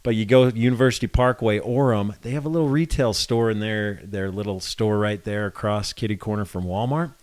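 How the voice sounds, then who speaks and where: A man's voice: on the low side, brisk, few pauses, a little mellow. A man co-hosting a casual podcast, playful and jokey, often laughing between sentences. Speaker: podcast co-host.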